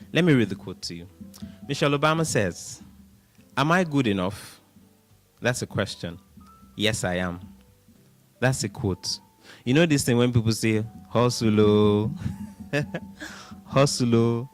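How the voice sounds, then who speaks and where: A man hosting a radio show, talking casually and with animation, counting things out loud and laughing now and then. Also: fairly low pitch, lively intonation, moderate pace, long pauses, faint music behind. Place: radio studio.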